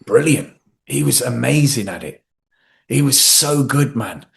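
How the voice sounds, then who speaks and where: A man, an actor chatting as a podcast guest, telling animated anecdotes and laughing often. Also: medium pitch, a little slow, gravelly. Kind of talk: casual chat.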